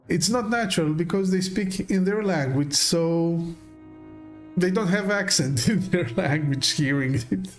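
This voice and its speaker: A man casually commenting while streaming a game, halting with many fillers and restarts and chuckling often. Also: fairly high pitch, a little mellow.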